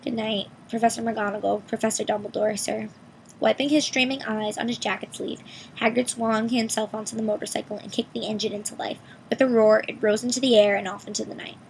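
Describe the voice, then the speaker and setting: A woman reading a children's story aloud, fairly high with a gravelly edge. She reads expressively, giving each character a voice. A faint hiss sits behind her. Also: steady tone, fast talker, poor audio. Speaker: reader.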